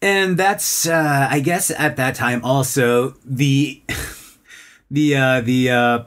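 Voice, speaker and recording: A young man from Texas, a voice actor guest, chatting casually on a podcast and talking in halting bursts full of fillers and restarts. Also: mid-range voice, a bit bright. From Dallas, Texas.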